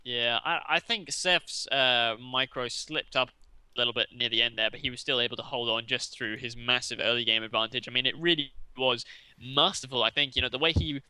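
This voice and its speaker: A man's voice: mid-range voice, steady tone, fairly quick, bright, forceful tone, clean tone, no echo, poor audio. A man co-casting a video game match, chatty and analytical, breaking down the play in casual commentary. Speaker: shoutcaster.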